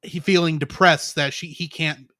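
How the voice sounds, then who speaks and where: A man's voice: on the high side, steady tone, moderate pace, bright, forceful tone, no echo, clean studio sound. Thoughtful male podcast co-host. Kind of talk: casual film review chat.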